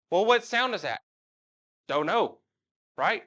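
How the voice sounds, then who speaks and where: A man's voice: high-pitched, sing-song, a little slow, pauses often, pushed and bright. A man preaching a casual live sermon in church, chatting with the congregation and asking it questions. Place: church sanctuary. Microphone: live church recording. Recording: dull lo-fi live church recording.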